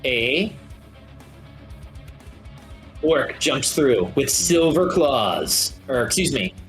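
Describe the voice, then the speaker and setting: A man running a tabletop game as game master, talking in a relaxed, halting way with many fillers. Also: medium pitch, faint music behind. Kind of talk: narrating a tabletop game over voice chat.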